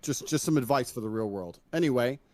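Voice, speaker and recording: A man in an online debate, speaking in a measured, firm, lecturing way about respect and manners. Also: mid-range voice, darkish tone. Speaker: debate guest in a played clip. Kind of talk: online debate over a call.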